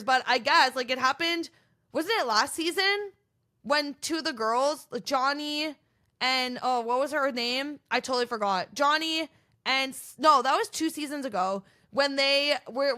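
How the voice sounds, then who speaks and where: Brief: young female podcast host, high and bright, gossipy casual recap delivery. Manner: animated, gossipy, acts out quoted contestants.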